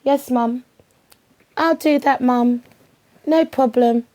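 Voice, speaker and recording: A man's voice: extremely high pitch, steady tone, takes it slowly, dark tone. A woman doing a sullen teenage son. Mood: compliant. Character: sullen teenage son answering his mum.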